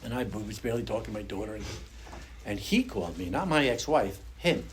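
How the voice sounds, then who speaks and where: A man's voice: lowish voice, big pitch swings, brisk, a little hiss or hum. An older man giving an earnest, conversational personal testimony at a recovery meeting, speaking to an audience in a meeting room. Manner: earnest, conversational, acts out quoted voices.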